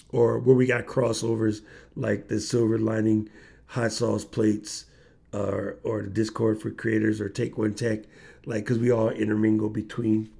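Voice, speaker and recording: A man with a gravelly, rough-edged voice hosts a livestream in loose, slangy chat. He tells stories with energy and puts on the voices of the people he quotes. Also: mid-range voice. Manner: animated slangy storyteller, acts out quoted voices. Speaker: livestream host. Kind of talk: casual livestream storytelling.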